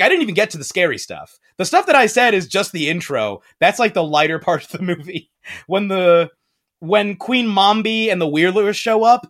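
A man hosting a podcast, telling a story in a casual chat and acting out the quoted lines in high voices. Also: fairly bright tone. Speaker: podcast host.

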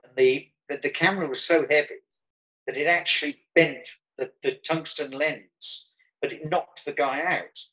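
An artist guest from Birmingham, England, with a Birmingham accent, tells a rambling travel anecdote in an interview, restarting often and chuckling. His voice is on the high side and sharp, fairly even in intonation at a moderate pace, on a low-quality recording.

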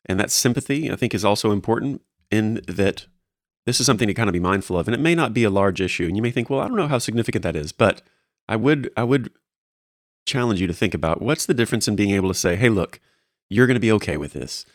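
A man talks quickly and earnestly about guiding young people, with a fairly low voice. He restarts phrases often as he encourages his listeners. The sound is dry and close. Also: lively intonation, dry recording. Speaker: co-host discussing mentoring. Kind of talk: casual faith-based discussion.

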